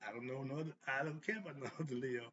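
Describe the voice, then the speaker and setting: A man's voice: mid-range voice, racing, fairly bright tone. A man talking casually on his own, loose and chatty, correcting himself as he goes. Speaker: host. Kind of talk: casual solo talk. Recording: dull lo-fi sound with faint noise.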